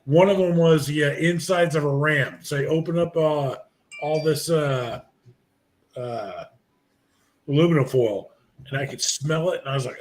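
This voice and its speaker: A middle-aged barbecue podcast guest with a voice on the high side talks at normal speed, with a little hiss or hum in the audio. He tells long, casual, meandering stories, heavy on fillers and restarts.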